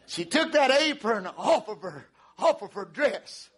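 A male preacher with a very high voice delivers a sermon in drawn-out, unhurried phrases. He tells the story dramatically, hammers a repeated refrain and calls out to the congregation, building to shouts. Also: big pitch swings, husky.

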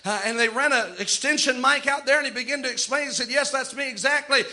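A man preaching a fervent sermon, acting out the voices of people he quotes, with dramatic pauses. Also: very high voice, bright, forceful tone.

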